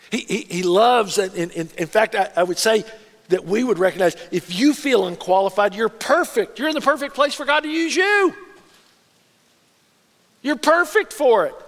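A man preaching a sermon as a pastor, conversational and animated, acting out quoted asides. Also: high-pitched. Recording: long hall reverb.

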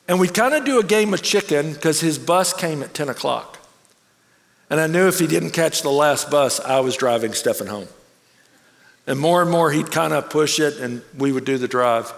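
A man preaching a sermon, telling a personal story in an animated way and acting out the people he quotes. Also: fairly high pitch, gravelly. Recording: long reverb of a large hall.

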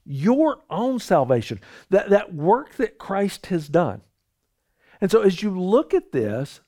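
A man delivers a sermon in an earnest, conversational manner, often doubling words as he goes. His voice sits high and swings widely in pitch. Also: sing-song, a little slow, darkish tone. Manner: earnest, conversational preaching with frequent repeated words. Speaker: pastor.

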